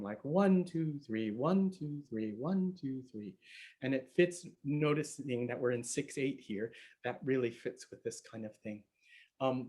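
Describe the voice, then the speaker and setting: Slow-talking man teaching harp online. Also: mid-range voice, a little mellow. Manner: friendly, chatty, laughs often, counts in and hums rhythms. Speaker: harp and singing workshop teacher. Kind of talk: online music workshop teaching. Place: home room on a live video stream.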